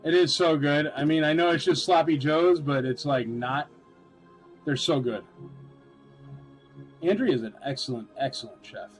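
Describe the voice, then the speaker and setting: A man's voice: a little high, normal speed, long pauses, faint music behind. A man hosting a casual live-stream auction, chatty and rambling with lots of filler words.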